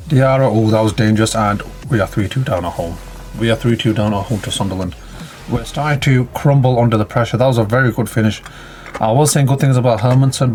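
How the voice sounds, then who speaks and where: This man's voice sits on the low side with a somewhat dark tone. He chats casually over a football management game, responding to each play and naming his players as he goes.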